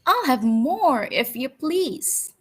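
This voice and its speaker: A woman's voice: high-pitched, big pitch swings, slow, a bit bright, slightly rough, voice pushed up, heavily acted. A woman reading aloud as a jolly king who loves food, speaking in a hearty, coaxing way.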